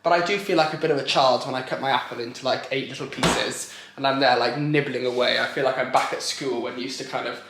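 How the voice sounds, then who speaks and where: A man's voice: medium pitch, steady tone, fast, few pauses, fairly bright tone, echoey room, a little hiss or hum. A young man chatting casually to camera at home, talkative and rambling with a jokey tone. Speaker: vlogger. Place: kitchen at home.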